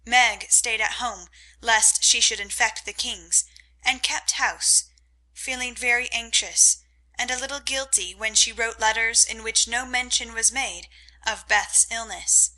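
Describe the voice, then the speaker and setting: Bright-voiced woman narrating an audiobook. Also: a little high, a little slow, poor audio.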